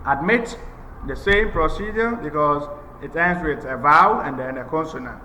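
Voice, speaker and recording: A man teaching English grammar in a slow, methodical lecture, repeating each point for emphasis. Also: on the high side, sharp tone, a little hiss or hum. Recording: echoey room with long reverb.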